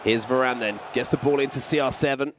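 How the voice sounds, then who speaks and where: A man giving play-by-play commentary on an esports football match, calling the action and rising with excitement at chances. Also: mid-range voice, fast, a little hiss or hum.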